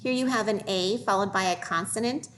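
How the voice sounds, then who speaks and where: A woman teacher leading a phonics lesson for young children, modeling each word slowly and clearly. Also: medium pitch, a bit bright, a little hiss or hum. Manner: slow, deliberate modeling of words for young learners.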